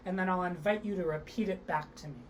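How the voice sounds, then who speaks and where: A young woman teaching an online theatre workshop, leading vocal and body warm-ups with upbeat encouragement. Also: fairly low pitch, quick pace, slight background noise. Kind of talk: online acting workshop instruction.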